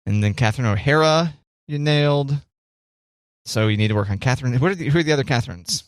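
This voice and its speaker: A man's voice: medium pitch, animated, quick pace, dry recording, clean studio sound. A man co-hosting a radio show in casual banter, teasing and jokey, rambling a little.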